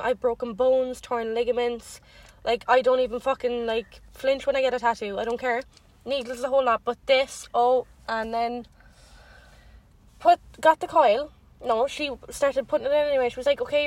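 A young Irish woman telling a story in casual chat, animated and swearing freely. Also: fairly high pitch, no echo, rough recording.

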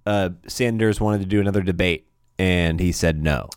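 A man co-hosting a podcast in casual chat, telling things in a laid-back, animated way. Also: low voice, moderate pace, clear, resonant tone, no echo, clean studio sound. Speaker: podcast co-host.

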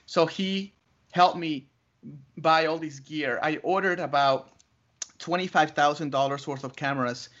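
Animated male storyteller, slightly high voice. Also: unhurried. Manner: lively, acts out quoted voices, laughs often. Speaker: interview guest, wedding photographer. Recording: muffled lo-fi audio.

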